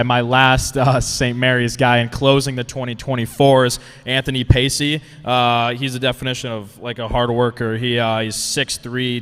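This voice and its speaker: A man casually explaining his draft picks, relaxed and hesitant, with many fillers. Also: medium pitch, clear, resonant tone. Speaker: draft participant. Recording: long hall reverb.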